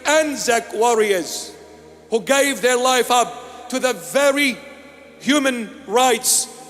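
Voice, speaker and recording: A bishop from Iraq preaching a sermon, solemn and emphatic, delivering short measured lines and repeating key phrases. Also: male voice, very high voice, a bit bright. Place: large church. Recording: long church reverb with faint music.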